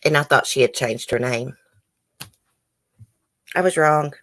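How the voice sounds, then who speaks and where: A woman talks casually to her live-stream audience, reading comments aloud as she goes. Her voice sits low for a woman. She keeps an easygoing, chatty manner. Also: measured pace, a bit bright. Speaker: YouTube host.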